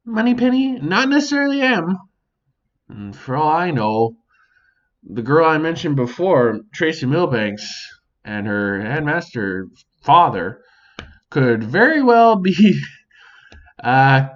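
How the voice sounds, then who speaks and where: A man's voice: on the high side, big pitch swings, takes it slowly, long pauses, lo-fi sound. A man hosting a casual solo podcast, swearing freely and speaking to an imagined audience, recorded at home. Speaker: podcast host. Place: home near a sink.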